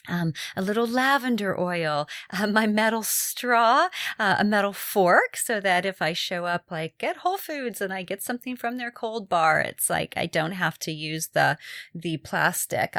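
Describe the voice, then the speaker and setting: A chatty middle-aged woman hosting her podcast, her voice sitting low for a woman. She talks in a loose, conversational way, full of little fillers and restarts. The sound is close and dry, with no room around it. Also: no echo. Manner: chatty, warm-hearted, with frequent fillers and restarts. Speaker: podcast host. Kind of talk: casual podcast monologue.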